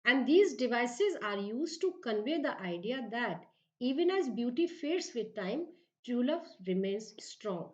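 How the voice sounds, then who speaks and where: Woman, middle-aged, literature lecture, emphatic explaining, higher voice, very unhurried. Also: lively intonation, lo-fi sound. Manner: slow, emphatic explaining with repeated checks. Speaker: English professor.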